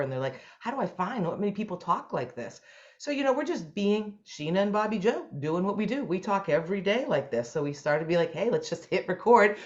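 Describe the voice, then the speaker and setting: Brief: woman mindset coach, chatty co-host, lowish voice, lively and folksy, muffled call audio. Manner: lively, swooping pitch, folksy. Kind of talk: casual chat. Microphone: video call. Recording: dull lo-fi video call audio.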